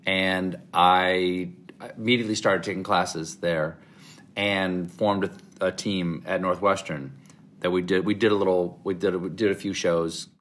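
Brief: southern-raised man, interview guest, low voice, animated storytelling with restarts. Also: unhurried. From American South. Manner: animated, rambling, with frequent restarts.

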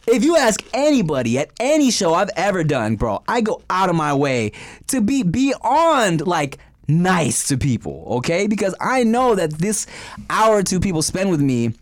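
A man telling stories in casual chat, animated and profane, laughing often. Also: sits high, dry recording.

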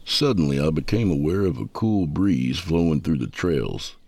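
A man narrating a first-person story with a gravelly, husky voice. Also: rumbling low, lively intonation, normal speed, darkish tone, dry recording.

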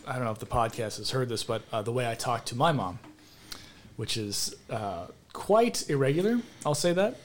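A man's voice: lively intonation, moderate pace, slight background noise. A man chatting casually on a podcast, telling brash stories full of swearing and jokes, mimicking other people along the way. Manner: brash storytelling, swears freely, mimics people in higher voices. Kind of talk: casual chat.

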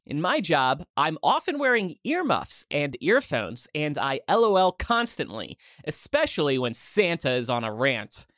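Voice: mid-range voice, big pitch swings, a little slow, hardly any pauses, fairly bright tone, dry recording, clean studio sound. A performer playing Jesus on a comedy podcast, chipper, and reading out listener questions. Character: Jesus, a chipper male savior.

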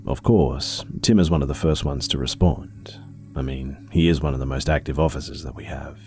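A man narrating a first-person story in a steady, measured reading. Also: very deep voice, faint music behind.

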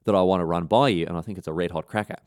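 A man's voice: deep voice, rapid-fire, darkish tone, no room sound, studio quality, pitched below the performer's own voice, close to an everyday voice. A man with an Australian accent voicing a cocky, scheming male soldier who swaggers and swears in slang.

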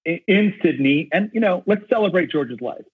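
A man's voice: sits high, lively intonation, moderate pace, breathy edge, no echo. A concert photographer telling stories in an interview, eager and talkative, often restarting his words. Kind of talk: storytelling in an interview. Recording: dry, narrow phone-like line.

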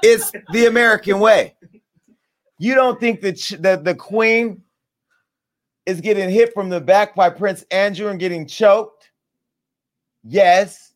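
Brash high-voiced man ranting comically. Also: slow pace, long pauses. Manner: brash, animated, swings between loud outbursts and low mutters. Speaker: comedy commentary host. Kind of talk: crude comedic rant.

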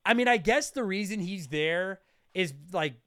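A man co-hosting a podcast in casual chat, animated and profane as he rants. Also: high-pitched, moderate pace, no echo, studio quality. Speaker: podcast co-host.

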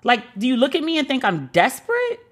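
A woman's voice: high-pitched, wildly swooping pitch, brisk. A woman with a New York accent telling a candid personal story, blunt and profane, acting out the quoted dialogue. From Brooklyn, New York.

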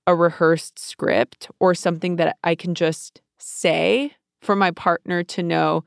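A woman's voice: on the low side, little pitch movement, a little slow, creaky, hardly any pauses, clear, resonant tone, dry recording, studio quality. A woman co-hosting an advice chat, talking earnestly and coaching through feelings. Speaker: co-host giving advice.

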